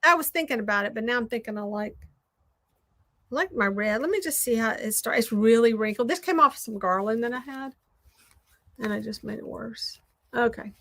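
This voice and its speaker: A Southern American woman hosting, chatting casually and rambling while she crafts, quick to poke fun at herself. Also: on the high side, a bit bright. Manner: chatty, rambling, self-deprecating. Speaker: host.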